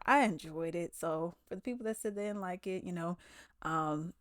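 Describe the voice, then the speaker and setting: A woman vlogger giving her opinions in a casual, animated commentary with slangy, drawling speech. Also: on the low side, normal speed, no room sound, clean studio sound.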